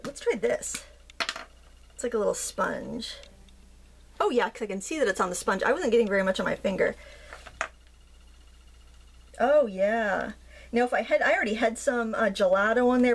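A woman in her thirties unboxing and demonstrating art supplies, gushing and gasping with excitement, full of fillers. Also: fairly high pitch, a little hiss or hum. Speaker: craft YouTuber.

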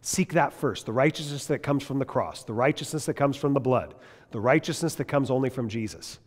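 A man teaching a Bible class in a lively, conversational way, asking his listeners questions as he goes. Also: mid-range voice, a little fast, in a large hall. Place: large classroom or hall.

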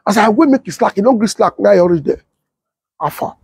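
A young man with a Nigerian Pidgin accent tells a comic tale with lively, animated delivery. His voice sits high and slightly husky. The sound is dry and close. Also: quick pace, no room sound. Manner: animated, laughs often, mimics sirens. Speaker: comedian storyteller.

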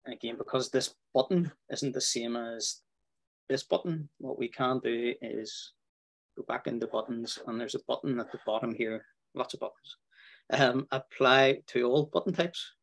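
A man walking viewers through building a website, talking in a relaxed way with fillers, over a video call. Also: medium pitch, moderate pace. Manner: relaxed, thinking aloud with fillers. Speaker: web design instructor. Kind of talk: screen-share tutorial walkthrough.

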